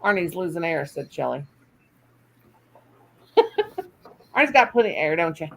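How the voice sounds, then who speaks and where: A woman's voice: sits low, expressive, fast talker, gravelly, fairly bright tone, low-quality recording. An older woman hosting a casual livestream at home, chatty and folksy, reading comments aloud and laughing often. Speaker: livestream host.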